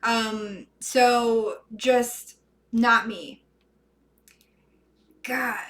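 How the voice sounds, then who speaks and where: A high-voiced woman hosting a casual livestream. She talks to her chat in a flustered way and swears freely. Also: fairly even intonation, extremely slow, fairly bright tone. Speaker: host.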